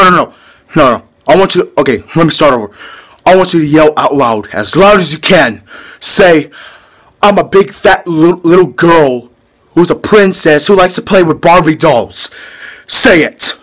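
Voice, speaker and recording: A man's voice: a little high, a bit bright. A man voicing a sneering 42-year-old male bully in a homemade skit, taunting a younger man.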